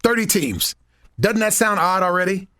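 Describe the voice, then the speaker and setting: A man chats as a podcast guest, telling stories and swearing freely. His voice sits high and bounces around, with a gravelly edge. The sound is dry and close. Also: normal speed, no room sound. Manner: animated storyteller, swears freely. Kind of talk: casual chat.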